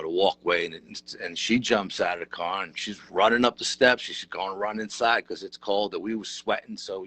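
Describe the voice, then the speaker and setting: A middle-aged man tells a story in an animated, rough-edged way. His voice sits very low but has a bright, forward edge. The recording is close and dry. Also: no echo. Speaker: interview guest, paranormal researcher. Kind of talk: casual storytelling.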